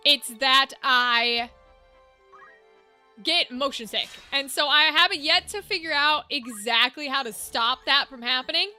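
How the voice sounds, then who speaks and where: A woman's voice: high-pitched, a little slow, pushed and bright. A young woman streaming a video game, chatting casually with viewers and thinking aloud as she sorts gear. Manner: chatty, thinks aloud while managing equipment. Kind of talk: casual gameplay chat with viewers. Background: game music.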